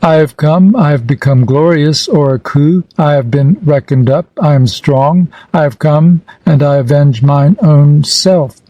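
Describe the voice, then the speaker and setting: A man reading an ancient funerary text aloud in a solemn, measured, declamatory manner. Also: on the high side, dark tone, dry recording, dull audio. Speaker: reader.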